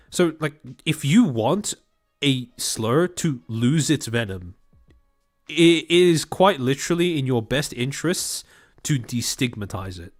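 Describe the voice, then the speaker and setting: A young man with a light Australian-born Chinese accent talks casually to his stream chat. His presenter voice is precise and carefully articulated, though loose fillers slip in between the points. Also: medium pitch.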